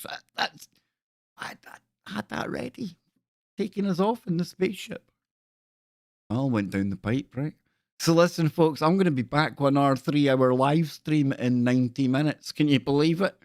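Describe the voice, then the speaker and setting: A man hosting a relaxed live stream, sounding scornful and rambling as he talks to his viewers. His voice sits at an ordinary pitch and is recorded close and dry, with no room sound. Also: no echo. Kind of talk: casual live stream chat.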